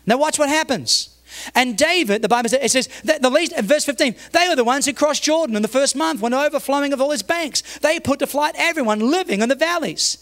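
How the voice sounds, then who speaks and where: A man with a high voice preaching a sermon as a pastor. He speaks emphatically, doubling back on words and repeating phrases. He acts out the people in his stories. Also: brisk, fairly bright tone. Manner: tells stories, acting out the people in them.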